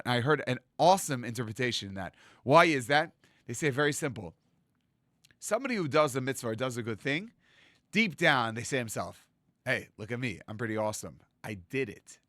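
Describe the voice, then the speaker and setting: A man giving a rabbi's Torah sermon in a lively storytelling manner, acting out the lines he quotes. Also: on the high side, dry recording, clean studio sound. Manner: animated storytelling, acts out quotes.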